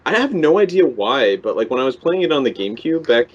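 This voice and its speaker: A young man with an ordinary mid-pitched voice, stumbling through his sentences in a loose podcast chat. The sound is muffled and lo-fi. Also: very animated, fast. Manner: hesitant, full of ums and restarts. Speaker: podcast co-host. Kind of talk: casual chat. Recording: dull lo-fi podcast recording.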